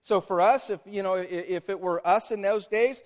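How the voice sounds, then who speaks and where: A man preaching a sermon as pastor, animated and conversational, drawing the congregation in with questions. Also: sits high, moderate pace, lo-fi sound. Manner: animated, conversational, quizzes audience.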